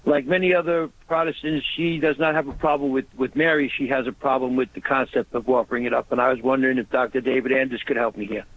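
A man's voice: mid-range voice, fairly even intonation, fast, few pauses. A man calls in to a radio show and speaks earnestly, with some hesitation. He comes through a tinny phone line with a faint hiss behind him. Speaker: caller. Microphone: telephone.

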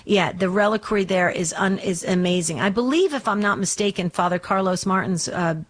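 A woman's voice: medium pitch, fairly quick. A woman hosting a faith call-in radio show, talking earnestly and rambling with lots of ums and restarts. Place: Arizona studio.

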